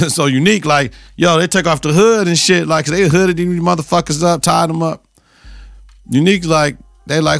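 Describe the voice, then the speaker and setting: A man's voice: on the high side, moderate pace, creaky, fairly bright tone, no room sound, studio quality. A man hosting a podcast, recapping a TV episode in loose, slang-heavy casual chat with repeated catchphrases.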